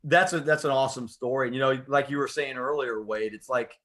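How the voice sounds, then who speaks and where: A man's voice: medium pitch, steady tone, fairly quick, a bit bright. A male co-host asking questions in a casual interview, encouraging and full of praise for his guest, over a video call.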